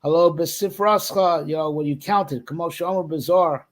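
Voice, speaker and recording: A man's voice: a little high, normal speed. A man, a rabbi, giving a loose, rambling Torah lesson, full of fillers and frequent "right?" check-ins. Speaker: rabbi teaching.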